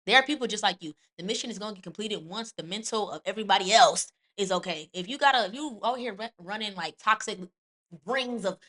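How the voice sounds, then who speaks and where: A blunt, outspoken woman who hosts the show and speaks from years as an Army NCO. She talks quickly and her voice is bright and sharp. She swears freely while she tells her stories. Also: mid-range voice. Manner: blunt, profane, animated storytelling. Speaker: podcast host and Army NCO. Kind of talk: candid casual chat.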